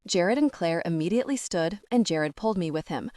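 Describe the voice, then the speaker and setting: A woman's voice: on the low side, expressive, brisk, a little mellow, no echo. A woman narrating a romance audiobook in the first person, telling the story steadily into a close mic.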